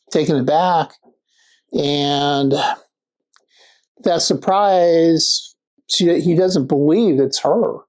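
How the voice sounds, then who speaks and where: A woman's voice: low-pitched, warm tone. A woman casually recapping and reviewing a TV episode, rambling and speculating, with fillers and restarts. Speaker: TV show reviewer.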